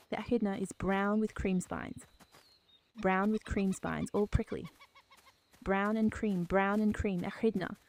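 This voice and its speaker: A woman reading a scripted animal lesson for toddlers in a slow, cheerful sing-song voice, repeating words for little children to copy. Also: mid-range voice, vocal fry, a little mellow. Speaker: children's video narrator.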